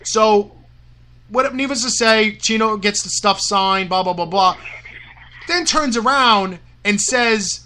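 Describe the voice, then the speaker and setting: A fired-up man with a high, bright voice vents about a grudge as a guest on a radio show. His speech is full of cursing and filler, he stumbles over words in his hurry, and he keeps pressing his point. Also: takes it slowly. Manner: angry, profane rant with many "you know" fillers and stammered restarts. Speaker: wrestling promoter.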